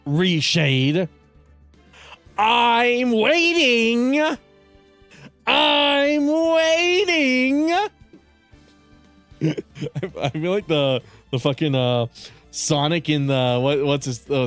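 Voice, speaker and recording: A man's voice: fairly high pitch, steady tone, unhurried, dry recording, faint music behind. A man streaming a video game in casual commentary, joking, swearing a lot and laughing often. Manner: profane, joking, frequent laughter. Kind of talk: casual gaming livestream commentary.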